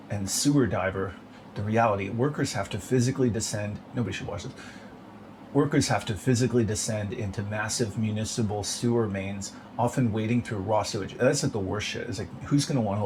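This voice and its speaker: A man with a fairly low voice rambles through a casual solo monologue, swearing freely and padding every thought with "like". Steady background noise sits under the recording. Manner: profane, rambling, filler-heavy with frequent 'like'.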